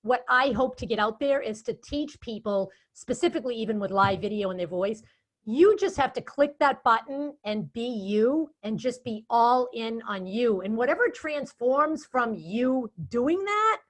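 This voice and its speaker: Boston-accented woman, interview guest, animated chatty delivery. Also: on the high side, moderate pace. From Boston area. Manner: chatty, animated storytelling with quoted asides. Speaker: guest speaker and event moderator. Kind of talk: casual interview chat.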